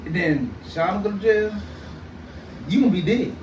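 A man's voice: high voice, animated, unhurried, a little mellow. Young man, country accent, blunt interjections, recorded far off in a roomy space. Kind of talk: casual group chat. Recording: roomy, distant mic with faint noise.

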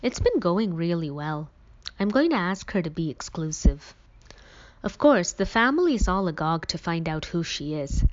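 A woman reads a first-person story aloud in a steady, even way, narrating as a teenage boy. Her voice sits on the low side. The recording sounds dull and lo-fi. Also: moderate pace. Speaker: audiobook narrator.

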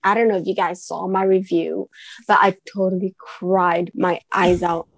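A woman's voice: lowish voice, level tone, moderate pace, no echo. A woman co-hosting a podcast, gushing and giggly as she reviews books in casual chat. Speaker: podcast co-host.

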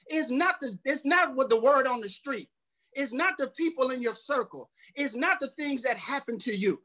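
A man's voice: extremely high pitch, a bit bright. A man preaching a sermon in a folksy, humorous way, speaking straight to the congregation, hot and sweating. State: sweating from the heat.

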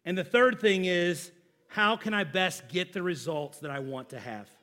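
A pastor in his forties delivers a sermon in a high, ringing voice. He talks directly to his congregation and gets them to call back. He moves from loud, pressing emphasis to low, hushed asides. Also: moderate pace. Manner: addresses the congregation directly, prompting call and response.

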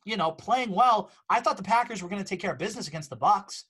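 A sports podcast co-host giving strong opinions in casual chat, tossing off quick dismissive asides. The pitch swings widely, so the delivery sounds animated and lively. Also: slightly rough.

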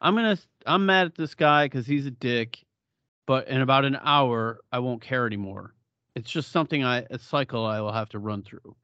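A man's voice: medium pitch, moderate pace, sharp tone, no room sound, muffled recording. A middle-aged man co-hosting a podcast in casual chat, blunt and profane, often laughing. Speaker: podcast co-host.

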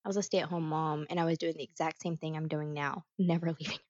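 Wry low-voiced woman. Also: fairly even intonation, fast, a little mellow, no room sound. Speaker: podcast co-host. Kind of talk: casual chat. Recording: dull, muffled audio.

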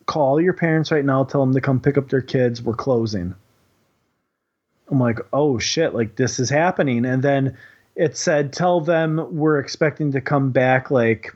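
A man's voice: mid-range voice, a little mellow. A man who works as a kindergarten teacher, telling a story in casual, rambling chat, swearing freely and filling his talk with "like". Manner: rambling, profane, heavy on "like". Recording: dull lo-fi recording.

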